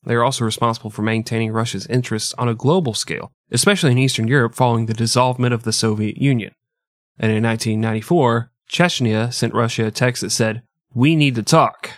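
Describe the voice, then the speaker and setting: A man's voice: mid-range voice, fairly even intonation, fast, dry recording, studio quality. A man hosting a comedy history podcast, telling the story in a sarcastic, profane way and laughing often. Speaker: podcast host. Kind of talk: casual comedic history chat.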